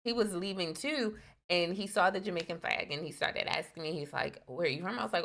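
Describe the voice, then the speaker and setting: A woman's voice: medium pitch, expressive, brisk, gravelly, fairly bright tone. A young adult woman co-hosting a casual relationship podcast, telling candid stories in an earnest way. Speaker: podcast co-host. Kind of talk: casual chat.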